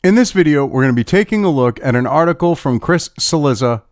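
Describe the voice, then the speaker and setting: A man's voice: a little high, expressive, quick pace, dry recording, clean studio sound. A man hosting political commentary, reading through an article and ranting with profanity and sarcasm.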